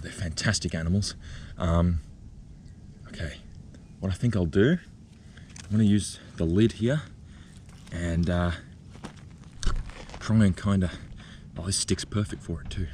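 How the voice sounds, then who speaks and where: A man vlogging outdoors in the bush, talking gently and excitedly as he coaxes a spider out of its burrow. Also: deep voice, unhurried, long pauses, a little hiss or hum. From Australia. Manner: excited, gentle, coaxing, thinking aloud. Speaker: nature vlogger. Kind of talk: outdoor wildlife vlog, talking to camera. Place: outdoors in a bushland reserve.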